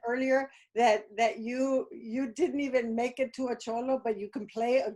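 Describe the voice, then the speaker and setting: A woman co-hosting a talk show, reacting with enthusiasm and quick laughter. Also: on the high side, fairly even intonation, a little mellow.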